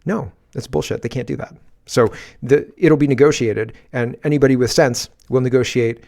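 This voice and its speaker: A man's voice: mid-range voice, steady tone, normal speed, creaky, darkish tone. A man hosting a livestream from his garage, ranting about politics in a defiant, emphatic and profane way. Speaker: political commentary host. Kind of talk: unscripted livestream rant.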